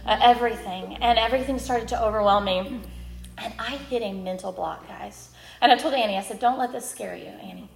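A woman in her thirties tells a personal testimony, candid and self-deprecating, in a slightly high voice. Her words ring through an echoey hall. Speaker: guest speaker at a women's ministry event.

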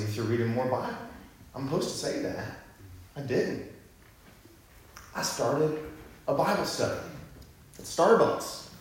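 A man's voice: mid-range voice, very echoey, a little hiss or hum. A man preaching a sermon, telling a personal story casually and then building to fervent emphasis. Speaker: pastor.

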